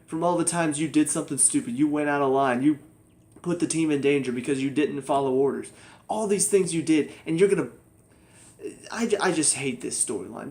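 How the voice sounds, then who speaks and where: A young man riffs through a TV episode review in a casual, ranting way. He sounds fed up and mocks the characters as he goes, and his voice sits slightly higher than most men's. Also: darkish tone. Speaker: TV show reviewer.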